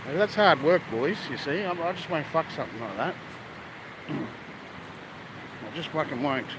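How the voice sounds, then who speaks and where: An Australian travel vlogger, speaking with an Australian accent, live-streams casually while walking along a busy street by the beach. His voice is on the high side, animated, and moderately paced, and he's blunt and crude, swearing heavily. Loud traffic and street ambience fill the recording.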